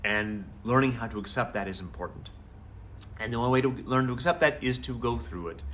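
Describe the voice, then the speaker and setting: A man, a family therapist, hosting a live advice talk in a conversational, animated way. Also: medium pitch, a little fast, slight background noise. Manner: conversational and animated, acts out quotes.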